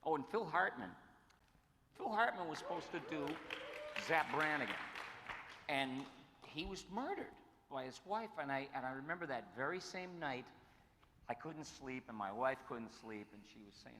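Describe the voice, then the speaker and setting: A man in his sixties tells stories on a convention panel, animated and acting out the lines he quotes. His voice is bright and forceful. It echoes through a large hall with faint noise underneath. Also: mid-range voice, normal speed. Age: 60s. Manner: animated, acts out quotes, restarts phrases. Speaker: guest voice actor on a convention panel. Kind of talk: storytelling in a panel Q&A.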